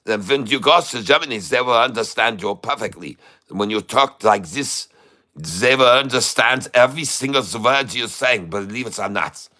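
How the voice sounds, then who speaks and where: Dude doing a goofy german accent, broken english, earnest and bright. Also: male voice, mid-range voice, expressive, normal speed.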